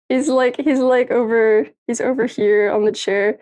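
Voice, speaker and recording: A woman's voice: a little high, a little slow, few pauses, a little mellow. A young woman streaming live from her kitchen, chatting casually with viewers and her pets, laughing often and swearing freely. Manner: giggly, swears freely, talks to chat and pets. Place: home kitchen.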